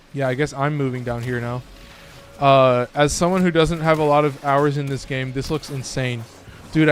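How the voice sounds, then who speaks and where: A young man casually commenting while he plays a game, rambling and swearing freely, his voice cracking now and then. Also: fairly high pitch. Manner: loose, rambling, swears often, lots of fillers. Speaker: gaming streamer.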